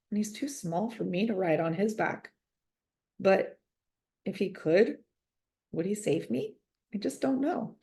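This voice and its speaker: A woman reading a children's chapter book aloud, gentle and expressive, in first person. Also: medium pitch. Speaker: reader. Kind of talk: storybook read-aloud.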